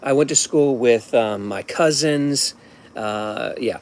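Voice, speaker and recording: A man's voice: mid-range voice, takes it slowly, darkish tone, slight background noise. A man in his fifties from Ohio telling a personal story at home in a casual, rambling way, often restarting and adding asides. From Ohio, USA. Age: 50s.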